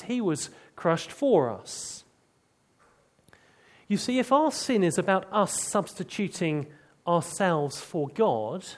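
Man, preacher, sermon, storytelling, hushed emphasis, slightly high voice.

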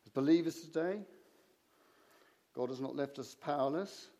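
A man's voice: a little high, moderate pace, warm tone. A man preaching a sermon, telling stories and acting out the conversations in them. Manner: anecdotal, acts out conversations in his stories.

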